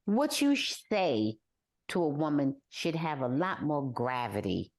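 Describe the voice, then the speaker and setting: An older woman chats on a podcast with a lively, swooping delivery. Her voice sits low but leaps up when she mimics others with wails. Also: a little slow. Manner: animated, mimics people with exaggerated high wails. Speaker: podcast co-host. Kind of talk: casual chat.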